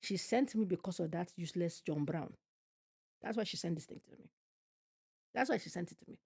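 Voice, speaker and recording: A woman's voice: fairly low pitch, expressive, a little fast, gravelly, a little mellow, husky. A woman gives casual reaction commentary on a TV show as a streamer, blunt and profane, riffing and repeating her phrases.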